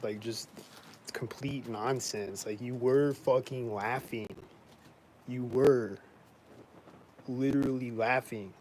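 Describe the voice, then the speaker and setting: A man's voice: medium pitch, fairly even intonation, slow, pauses often, darkish tone, a little hiss or hum, low-quality recording. A man vlogging in a casual, rambling monologue, indignant and complaining, filling his talk with "like" and frequent swearing.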